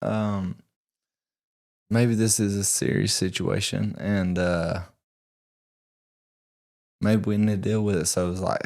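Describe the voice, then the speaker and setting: A man with a notably deep voice chats casually on a podcast. He tells long, rambling stories about fatherhood and often trips over his words and restarts. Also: level tone, takes it slowly, creaky, long pauses, a little mellow. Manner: rambling, stammering storyteller. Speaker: podcast co-host. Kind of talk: casual chat.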